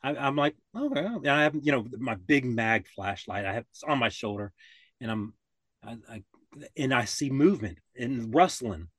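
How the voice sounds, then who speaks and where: An older man from Florida, a guest on a podcast, tells a long story in easy, relaxed talk, circling back, restarting sentences often and acting out the voices of people he quotes. His pitch is medium and his pace moderate. The recording sounds dry and close.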